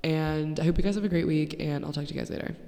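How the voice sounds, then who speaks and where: Here the podcast host, a woman in her twenties, speaks fast with a deep, warm voice and vocal fry over soft background music. She tells blunt, sarcastic, profane stories in a casual monologue, recorded echoey through a poorly placed handheld mic.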